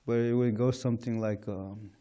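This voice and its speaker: A man's voice: mid-range voice, steady tone, normal speed, warm tone. A man giving an informal scripture class at a temple, talking conversationally with frequent "you know" and chuckles. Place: temple lecture hall.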